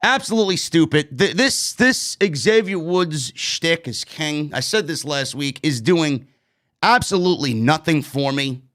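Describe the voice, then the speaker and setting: A man's voice: fairly high pitch, lively intonation, unhurried, a bit bright. A man with a New York accent giving a blunt, profane, exasperated review of a wrestling show. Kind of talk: profane ranting commentary.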